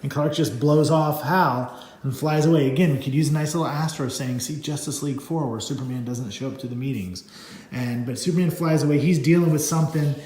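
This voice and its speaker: Middle-aged male comic fan, mellow tone, rambling and upbeat, recorded in a roomy space. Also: fairly high pitch, brisk. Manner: rambling, enthusiastic, many fillers. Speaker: comic book reviewer. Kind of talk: casual comic book read-through. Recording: echoey room.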